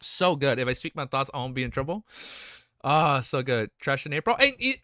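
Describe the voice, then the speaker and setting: A young man hosting a livestream, chatting casually and excitedly about anime, rambling, swearing freely and restarting his sentences. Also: mid-range voice, fairly quick, dry recording, clean studio sound. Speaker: livestream host. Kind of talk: casual stream chat.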